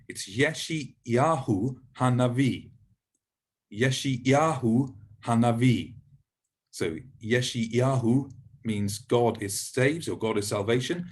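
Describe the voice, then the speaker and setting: Husky-voiced man teaching pronunciation. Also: on the low side. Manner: patient, encouraging, slows down to model words. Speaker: Hebrew teacher. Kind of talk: recorded lesson narration.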